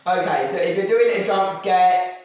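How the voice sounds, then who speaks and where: A man's voice: sits high, moderate pace, darkish tone, dull audio. A man animatedly telling a rambling story about himself in the third person, filmed by someone else. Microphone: camera filmed by someone else. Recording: very echoey room, mic far off.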